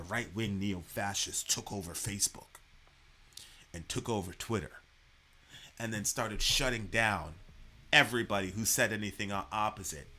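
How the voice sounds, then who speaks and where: A man delivering a heated political rant, swearing freely and stumbling over restarts and fillers. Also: on the low side. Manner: animated, profane, many fillers and restarts.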